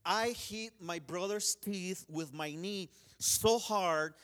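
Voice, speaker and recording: Preaching a sermon in a voice that sits high and moves slowly, a man earnestly tells a personal story. He often restarts his sentences and says "you know," swinging from urgent pleas to hushed quiet.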